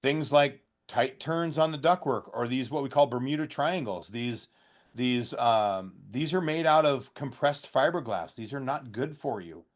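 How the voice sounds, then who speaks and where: A man's voice: medium pitch, lively intonation, a little slow. A man giving a loose, folksy training talk to contractors. He acts out bits of customer dialogue, and he has a slight cough. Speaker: trainer for heat pump contractors.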